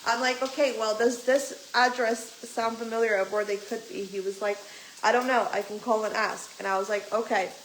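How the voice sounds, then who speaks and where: A woman's voice: fairly high pitch, steady tone, moderate pace. Ranting young woman vlogger, echoey room. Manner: ranting, swears freely, retells quotes. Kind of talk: casual storytime chat. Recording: echoey room, faint background noise.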